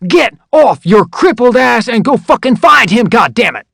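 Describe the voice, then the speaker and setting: A man voicing a furious male army drill sergeant who barks sarcastic, profane orders in a raised, higher voice. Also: sing-song, normal speed, creaky, a bit bright, dry recording, studio quality, full character voice. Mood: livid, barking.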